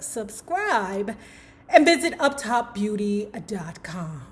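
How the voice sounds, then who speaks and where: A woman hosting her channel, reading a book aloud and breaking off into slangy, playful asides to her viewers. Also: sits high. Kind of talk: book reading with casual commentary.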